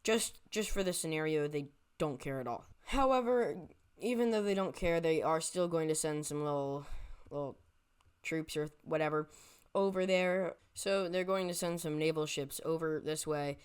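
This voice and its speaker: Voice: medium pitch, moderate pace, clear, resonant tone. A voice narrating a made-up map scenario in a casual, rambling way, often stopping to correct itself and tossing in jokey asides. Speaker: map video creator.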